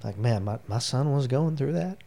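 A man's voice: medium pitch, expressive, moderate pace, vocal fry, warm tone. A middle-aged man, a military veteran, telling personal stories as an interview guest in a rambling, heartfelt way with many fillers. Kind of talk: personal storytelling in a long interview.

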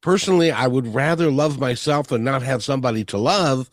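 A man's voice: mid-range voice, brisk, no room sound, clean studio sound. Earnest male interview host. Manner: earnest, repeats words when starting. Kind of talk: casual interview chat.

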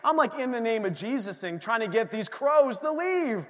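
Middle-aged pastor guy preaching, higher voice, long echo in the room, acts out his own reactions. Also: lively intonation, normal speed, fairly bright tone. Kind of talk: sermon.

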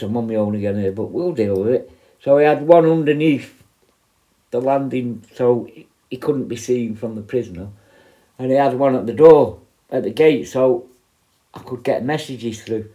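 Rambling man with a dark voice. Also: medium pitch. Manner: rambling, self-correcting, acts out quoted voices. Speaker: prison negotiator telling a story. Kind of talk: casual storytelling.

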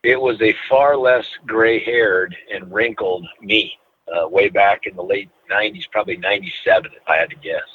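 A middle-aged man, a former prosecutor, telling a case story in a measured, deliberate way during an interview. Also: on the low side, slightly rough, no echo. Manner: measured, deliberate, stretches words for emphasis. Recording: tinny phone-like line.

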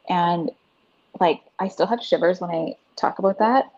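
Woman, 30s, podcast guest; chatty, earnest storyteller, low-ish voice, muffled lo-fi audio. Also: moderate pace. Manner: earnest and animated, peppered with "like". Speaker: podcast guest, breathwork facilitator. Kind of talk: casual interview storytelling. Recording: dull lo-fi sound.

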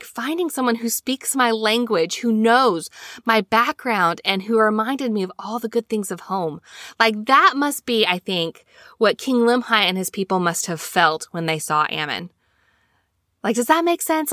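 Woman, 30s, from Alabama; chatty scripture-lesson host, bright tone, dry close sound, rambling storyteller. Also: mid-range voice, no room sound. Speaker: scripture study podcast host.

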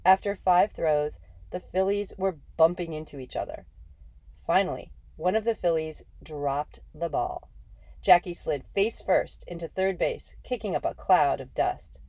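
Low mellow woman reading a storybook, steady and measured, dry close sound. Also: no room sound. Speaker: audiobook narrator. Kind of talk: scripted first-person storybook narration.

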